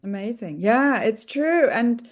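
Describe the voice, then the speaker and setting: A woman hosts a podcast interview, with a voice slightly higher than most. She chats casually and encourages her guest. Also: animated, a little slow. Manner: affirming, chatty. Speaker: podcast host.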